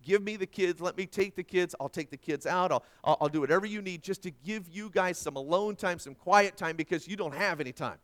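Soft, warm-hearted mother, repetitive and eager to help, voiced by a man retelling a call. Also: sits high, a little fast, hardly any pauses. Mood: tender. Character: caring older mother offering to babysit.

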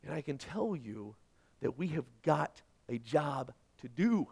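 A middle-aged man preaching a sermon as pastor, emphatic and repetitive, moving between loud and quiet. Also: a little high, big pitch swings, measured pace, vocal fry, husky.

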